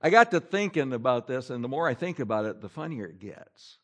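Lively preaching man, pastor. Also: medium pitch, a little fast. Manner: animated preaching with rhetorical questions and repetition. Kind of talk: sermon. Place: church.

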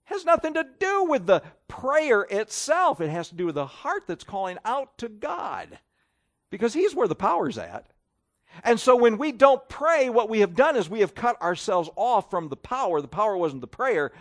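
Male preacher, folksy and emphatic sermon delivery, slightly high voice with wide pitch swings. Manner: animated, emphatic, folksy, rhetorical questions to the congregation.

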